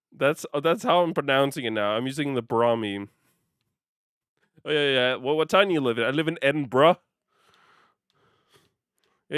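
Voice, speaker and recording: A man chatting through a casual gaming livestream, playful and quick to laugh as he talks to his viewers. His voice is smooth and clear, recorded close on the mic in a dry space with no room echo. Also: mid-range voice, fairly bright tone.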